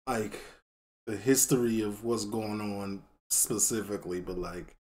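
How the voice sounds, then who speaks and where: A man's voice: fairly low pitch, level tone, unhurried, darkish tone. A man from Chicago reacting to a documentary in loose, casual slang that often trails off. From Chicago, USA. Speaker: reaction video host.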